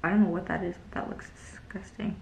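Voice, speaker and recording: A woman's voice: on the low side, fairly even intonation, a little fast, gravelly, reverberant, a little hiss or hum. A young woman vlogging casually as she tests a gadget, chatty and easily grossed out. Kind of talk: casual product-testing vlog.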